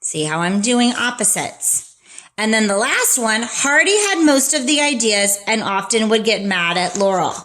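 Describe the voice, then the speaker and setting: A woman's voice: on the high side, very animated, measured pace, fairly bright tone. A woman teacher giving a patient, encouraging reading lesson for young children, explaining each step as she goes.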